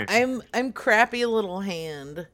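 A woman's voice: mid-range voice, expressive, slow, a bit bright. A woman co-hosting a casual chat, giggling often, swearing freely and trailing off into mumbles. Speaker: podcast co-host.

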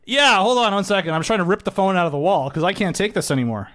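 A man's voice: sits high, lively intonation, fast talker, fairly bright tone. A man making a prank phone call, rambling and mock-panicked, putting on a show of phone trouble. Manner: rambling, mock-panicked, makes silly noises. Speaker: prank caller.

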